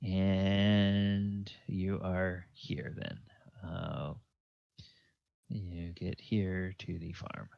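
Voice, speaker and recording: A man narrating a tabletop game as dungeon master, pausing often with fillers. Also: low voice, level tone, creaky, no echo. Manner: hesitant, many fillers. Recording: dull lo-fi, dry sound.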